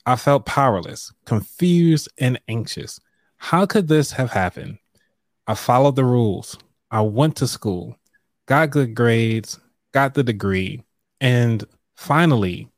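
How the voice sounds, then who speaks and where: A man's voice: medium pitch, no room sound. A man hosting a live online money show, chatting casually with fillers and reading a book passage aloud. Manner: relaxed, loose, with fillers and throat clearing.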